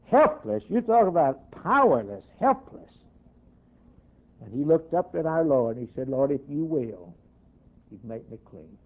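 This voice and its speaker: A man preaching a sermon with a slightly high voice, working in waves that climb loud and then sink almost to a hush. He quotes scripture in old-fashioned wording. The sound is thin and narrow, like it came over a phone line. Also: sing-song, a little slow. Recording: tinny phone-like recording.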